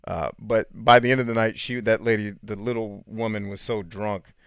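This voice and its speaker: A man's voice: on the low side, steady tone, normal speed, a bit bright, smooth, no room sound. A man hosting a podcast and reading out live chat comments in a casual, slangy way, laughing often.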